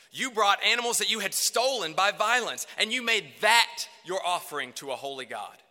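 Man, preacher, sermon, emphatic, loud-to-hushed swings, long hall reverb. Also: mid-range voice. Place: church hall.

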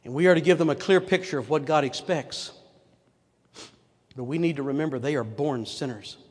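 A man's voice: fairly high pitch, moderate pace, a little mellow. An older man preaching a sermon, earnest and full of rhetorical questions to his listeners. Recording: long hall reverb.

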